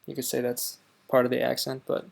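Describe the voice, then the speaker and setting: A man from Wisconsin with an Upper Midwest American accent reacts to a video in a loose, chatty way. His voice has a gravelly, creaky edge, and he often hesitates and pauses to comment. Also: medium pitch, monotone, a little hiss or hum. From Wisconsin, USA.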